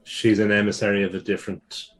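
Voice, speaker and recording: A man's voice: lowish voice, little pitch movement, quick pace. A man, a player chatting casually in a tabletop game.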